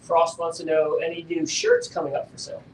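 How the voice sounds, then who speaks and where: A man's voice: huge pitch swings, brisk, vocal fry. Distant, roomy-sounding man reading chat. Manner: reads chat messages aloud, hesitant with fillers. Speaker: co-host reading viewer questions. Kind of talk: casual live-stream chat. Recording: roomy, distant mic with faint rumble.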